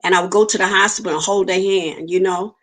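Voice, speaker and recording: A woman's voice: mid-range voice, steady tone, fast talker, fairly bright tone. A woman, giving an earnest personal testimony in an interview and acting out the dialogue she quotes. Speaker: interview guest.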